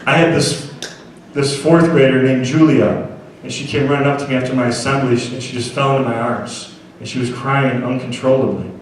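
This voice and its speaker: Medium in pitch and steady in tone, this man talks a little fast, with slight background noise. As a motivational speaker, he tells stories to schoolchildren at an assembly and earnestly asks the crowd to agree. He sounds far off in a very echoey hall.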